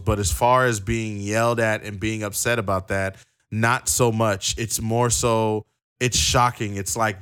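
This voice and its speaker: A man's voice: fairly low pitch, fairly bright tone, clear, resonant tone. A man co-hosting a casual wrestling podcast who stammers and restarts, then reads long quotes aloud. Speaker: podcast co-host.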